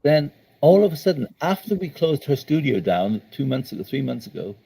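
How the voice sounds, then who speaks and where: A man's voice: on the high side, very animated, a little fast, gravelly, mellow, husky, poor audio. Emphatic older man telling stories. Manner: emphatic, checks in with "okay?" and "all right?". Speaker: guest entrepreneur. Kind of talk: storytelling interview answer. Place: his daughter's house.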